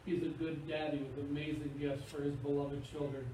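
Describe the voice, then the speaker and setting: A man preaching a sermon in an animated, playful way, acting out little scenes. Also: a little high, fairly quick. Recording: echoey room, picked up from far off, faint hiss.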